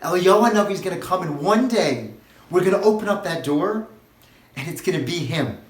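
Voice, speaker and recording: Earnest rabbi with an echoey sound. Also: male voice, high-pitched, lively intonation, a little fast. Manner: earnest, building to impassioned pleading questions. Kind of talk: short recorded sermon. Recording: roomy echo, faint music.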